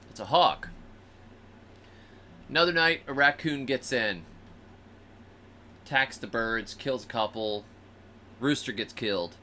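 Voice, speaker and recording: A man hosting a show, telling a story in a lively, swooping voice with a bright, forward edge. He breaks into funny character voices now and then. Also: fairly high pitch, slight background noise. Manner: animated, acts out animals and people in funny voices. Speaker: host. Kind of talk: casual storytelling.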